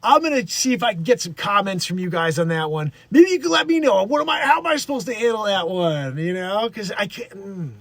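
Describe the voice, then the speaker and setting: A man with a fairly high voice hosts comedy news, reading headlines and then veering off into mocking asides. He stammers, restarts and interrupts himself, and the sound is dry and close. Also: very animated, fairly quick, hardly any pauses, a bit bright, no room sound. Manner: rambling, self-interrupting, mocking. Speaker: comedy news show host.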